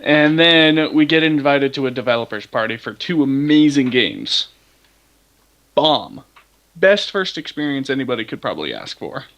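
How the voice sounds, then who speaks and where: A man's voice: mid-range voice, sing-song, normal speed, a bit bright. A man co-hosting a casual gaming podcast, easygoing and playful. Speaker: podcast co-host. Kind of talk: casual chat.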